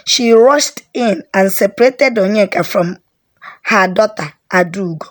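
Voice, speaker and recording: A woman narrating a folk story in a slow, deliberate way. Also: mid-range voice.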